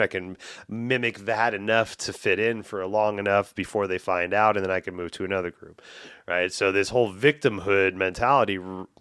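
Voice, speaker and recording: A man in his forties hosts a laid-back podcast. He talks in a profane, animated way in a lowish voice. The sound is dry and close, with no room echo. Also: smooth. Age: 40s. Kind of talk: casual conversational podcast.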